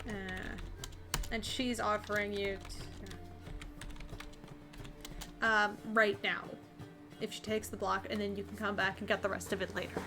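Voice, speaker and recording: A woman's voice: medium pitch, level tone, measured pace, pauses often, over music. A woman narrating a tabletop game as game master, hesitant with many ums, building suspense in her descriptions.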